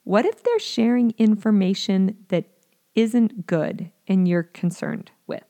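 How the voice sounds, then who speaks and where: A woman's voice: mid-range voice, takes it slowly, dark tone. A woman speaking earnestly to parents, teaching how to respond to children with curiosity, sometimes acting out what a parent might say. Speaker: parenting educator.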